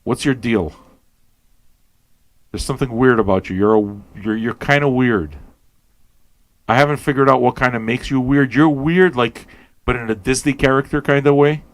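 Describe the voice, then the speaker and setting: A man hosting a radio show, rambling and swearing as he questions everything aloud, tired and high. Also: moderate pace, pauses often, no echo. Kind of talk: casual rambling talk to listeners.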